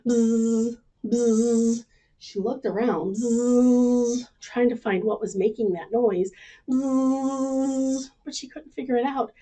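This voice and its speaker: A woman librarian telling stories to children at home, animated and inviting them to join in. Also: mid-range voice, normal speed, hardly any pauses, breathy edge. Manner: animated, speaks to kids at home. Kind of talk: children's storytime reading.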